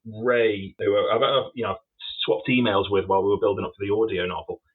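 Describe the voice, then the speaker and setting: A man's voice: on the low side, fairly even intonation, a little fast, slightly rough. A man guesting as an author in a casual interview, thinking aloud and stumbling over repeated words. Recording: tinny phone-like line.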